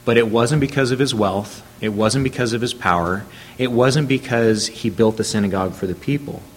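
A man preaching a sermon, telling a Bible story at a measured pace and reading scripture aloud. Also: mid-range voice, slight background noise.

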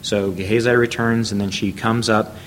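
A man delivers a sermon in a somewhat low voice, retelling a Bible story at an even, measured pace. He reads scripture passages aloud between his own remarks. A faint low rumble sits behind him. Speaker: preacher.

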